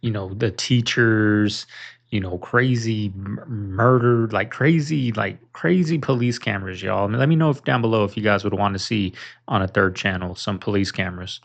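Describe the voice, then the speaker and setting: A man's voice: lowish voice, moderate pace, creaky. A man hosting a reaction show, chatting loosely and speaking straight to his viewers. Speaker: reaction channel host. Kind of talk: casual reaction chat.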